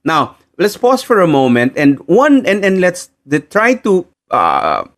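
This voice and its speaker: A man with a Filipino accent preaching a sermon, animated and repeating key phrases for emphasis. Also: sits high, unhurried.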